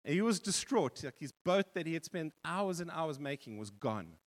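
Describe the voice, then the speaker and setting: A male pastor preaching a sermon in a church hall, telling a story with animated repetition. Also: on the high side, normal speed. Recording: long reverb of a church hall.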